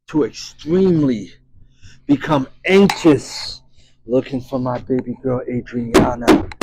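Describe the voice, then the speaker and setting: A man voicing an anguished grown man searching for his lost daughter, in a slow, solemn monologue that drops into whispers. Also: medium pitch, darkish tone, a little hiss or hum, rough recording. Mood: anxious. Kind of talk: dramatic monologue reading.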